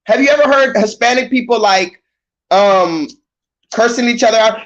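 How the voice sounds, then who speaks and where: Guy ranting loud on his livestream, keeps restarting himself, kinda dull lo-fi audio. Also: high voice, normal speed. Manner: loud, animated, talks over himself with restarts. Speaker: livestream host. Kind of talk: casual livestream rant. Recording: slightly dull lo-fi stream audio.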